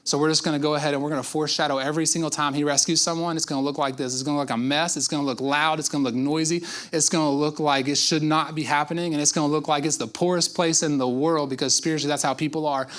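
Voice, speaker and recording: A man preaching a sermon, voicing God as a calm, matter-of-fact male figure who speaks softly and with flat certainty. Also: a little high, rapid-fire, hardly any pauses, lightly acted.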